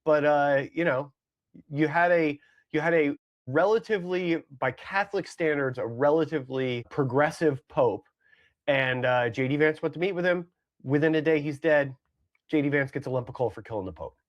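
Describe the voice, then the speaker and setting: A man's voice: fairly high pitch, moderate pace, muffled recording. A man co-hosting a casual comedy podcast, rambling along with hedges, fillers and repeated phrases. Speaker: podcast co-host.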